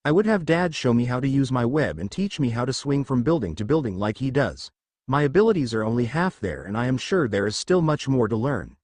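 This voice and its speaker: A man narrating first-person fan fiction in an even, steady storytelling voice. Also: mid-range voice, fairly quick, dry recording.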